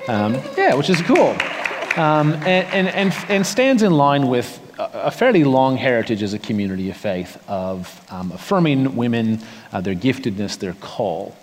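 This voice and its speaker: A man, a pastor hosting an interview, who asks relaxed, wry questions with hesitant fillers. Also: medium pitch, normal speed, big-room sound, slight background noise. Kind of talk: conversational interview.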